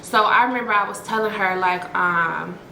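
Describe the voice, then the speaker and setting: A woman's voice: medium pitch, normal speed, creaky, roomy sound, low-quality recording. A woman vlogger telling a story to her viewers in a chatty, slangy, profane way, full of fillers and acted-out quotes. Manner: expressive, acts out quotes.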